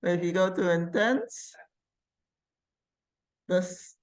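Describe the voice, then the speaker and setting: Slow, patient woman teaching a computer class. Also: on the low side, a little mellow. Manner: patient, thinks aloud while clicking. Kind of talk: live classroom software demonstration.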